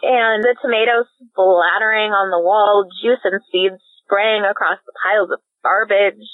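A woman's voice: mid-range voice, steady tone, moderate pace, dry recording. Giggly woman on a dry, tinny line. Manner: agreeable, giggly, lots of mm-hmms. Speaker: podcast co-host. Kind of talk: casual book discussion. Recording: dry, phone-like audio.

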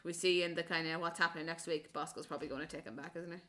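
An Irish woman co-hosting a podcast, chatting in an animated, teasing way. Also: sits low. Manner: animated, teasing, quick to laugh. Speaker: podcast co-host. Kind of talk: casual chat.

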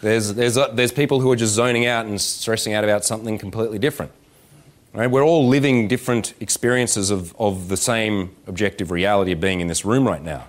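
A man's voice: fairly low pitch, a little fast. A man, a dating coach giving a live seminar talk. He swears freely, jokes and acts out little scenes. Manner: profane, animated and joking, slips into voices to act out scenes. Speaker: dating coach speaking at a workshop. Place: indoor event room with about 160 people.

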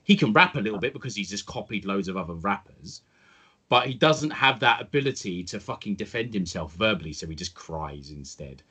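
Husky low-voiced man rambling. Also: lively intonation, fairly quick. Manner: rambling, sweary, trails off quietly. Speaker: podcast co-host. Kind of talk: casual chat.

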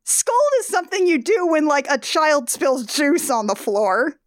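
A high-pitched woman rattles off a story in a loose, joking podcast chat. Her voice sounds close and dry. She talks in a sarcastic, animated way. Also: a little slow, no room sound. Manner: sarcastic, animated, acts out characters in quotes. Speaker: podcast co-host. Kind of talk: comedic casual summary.

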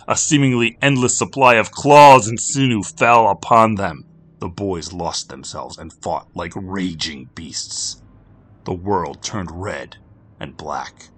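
A man tells a dark tale for a podcast in a fairly low voice, shifting back and forth from loud urgency to quiet, almost whispered moments.

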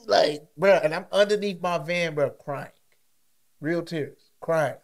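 A man's voice: a little high, unhurried. A man co-hosting a podcast, telling a story in casual, slangy chat and acting out what people said. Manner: animated, slangy storytelling with acted-out quotes. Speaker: podcast co-host.

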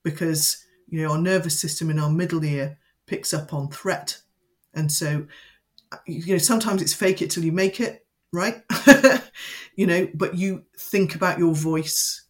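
A woman educator giving calm, measured advice as a guest in an interview. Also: fairly low pitch. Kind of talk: interview explanation.

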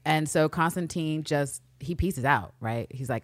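A woman's voice: deep voice, a little slow, no echo. A woman co-hosting a podcast, chatting casually and animatedly about a TV show, acting out the characters' lines with plenty of swearing. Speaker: podcast co-host. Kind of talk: casual chat recapping a TV show.

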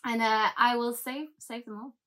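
A woman's voice: fairly high pitch, fairly even intonation, normal speed, pushed and bright. A woman being interviewed in a casual chat, giggling often and poking fun at herself. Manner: giggly, self-deprecating. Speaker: interview guest.

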